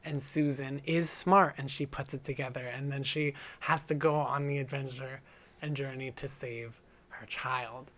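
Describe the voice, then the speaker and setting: Bright, chatty man co-hosting a podcast. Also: medium pitch, fairly even intonation, a little slow. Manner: upbeat, laughs easily, chatty. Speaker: podcast co-host. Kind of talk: casual book podcast chat.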